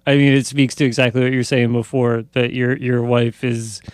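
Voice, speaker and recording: Host guy with a smooth clear voice, stumbles over words a lot, dry room. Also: mid-range voice, level tone, dry recording. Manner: halting, lots of fillers and laughs. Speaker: podcast host. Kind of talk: casual chat.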